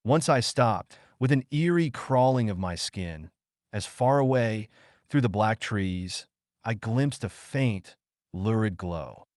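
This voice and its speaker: Low-voiced man narrating a dark tale. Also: expressive, dry recording, studio quality. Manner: measured, suspenseful storytelling. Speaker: audiobook narrator. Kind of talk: dramatic audiobook narration.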